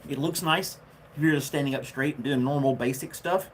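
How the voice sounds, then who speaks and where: A man's voice: medium pitch, a little fast, slight background noise. A man hosting a casual home livestream, chatting with viewers and reading their comments, with a jokey manner and a habit of laughing at his own jokes. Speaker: livestream host.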